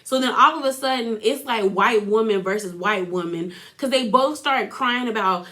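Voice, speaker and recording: A woman's voice: a little high, moderate pace, pushed and bright. A woman giving a casual, opinionated recap of a reality TV episode, talking loosely with lots of "like" and acting out what people said. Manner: chatty, full of "like" and opinions, acts out quotes.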